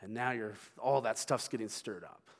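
A middle-aged man preaching a sermon as pastor, telling a personal story with halting restarts and sounding tearful. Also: on the low side. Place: church sanctuary. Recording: long hall reverb.

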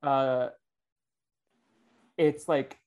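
A man's voice: mid-range voice, flat delivery, drawn-out words, darkish tone, clear, resonant tone. A man co-hosting a casual podcast, talking loosely and enthusiastically with lots of "like" fillers. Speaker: podcast co-host.

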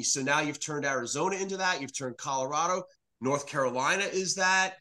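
A man's voice: on the high side, a little fast, sharp tone. A man from New York City, a guest on a podcast, talking bluntly and animatedly about politics, with plenty of swearing. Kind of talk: casual political chat.

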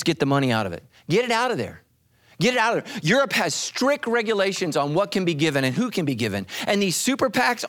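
Animated preacher man, high lively voice. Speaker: pastor. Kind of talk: sermon.

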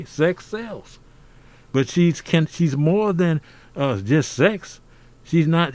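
A man's voice: on the high side, a little mellow. An older man from the United States giving a podcast interview, talking emphatically and preacherly, often adding "see?". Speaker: podcast guest. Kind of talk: conversational interview.

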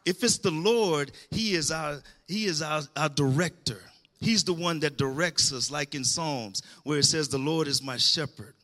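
A man's voice: a little high, moderate pace, a bit bright. A man preaching a sermon, calling out to the congregation and rising into emphatic bursts.

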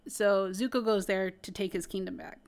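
A woman chats with a friend and recaps a show she loves. Her voice sits at an ordinary middle pitch, and she talks eagerly with plenty of fillers as the story spills out. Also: fairly even intonation, moderate pace, darkish tone. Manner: eager storyteller, lots of "like" and "you know". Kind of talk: casual chat, recapping a cartoon series.

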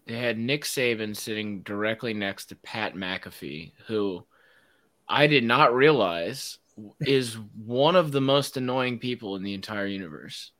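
A man's voice: lowish voice, unhurried, a bit bright. A man hosting a casual sports podcast, ranting with strong opinions and frequent laughs. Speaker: podcast host.

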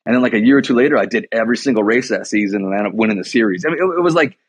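Fast-talking, husky-voiced man telling stories. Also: on the low side, lively intonation, dry recording. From Milwaukee, USA. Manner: rambling storyteller, heavy use of "like" and "you know". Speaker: boxing and Muay Thai coach, guest. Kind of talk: casual chat.

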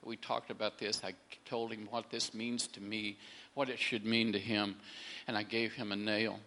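A man's voice: lowish voice, flat delivery, normal speed, pushed and bright. Middle-aged man, casual faith testimony, rambling storyteller with many restarts. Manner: rambling, repeats words, acts out quoted people.

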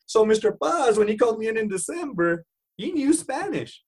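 A man telling a personal story in an animated way, swinging from loud to hushed and mixing Spanish phrases into his English. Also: sits high, moderate pace, husky, low-quality recording.

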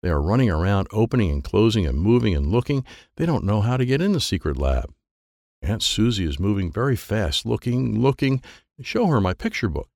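A man's voice: lowish voice, very animated, a little fast, gravelly, a little mellow, no room sound, clean studio sound. A man narrating a children's storybook in the first person, in a simple, childlike way. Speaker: audiobook narrator.

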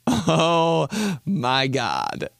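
A man's voice: fairly high pitch, wildly swooping pitch, drawn-out words, creaky, a bit bright, dry recording. A young man hosting a podcast, talking through a rambling comedic monologue from a studio, laughing often and calling his listeners dude and bro. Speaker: podcast host.

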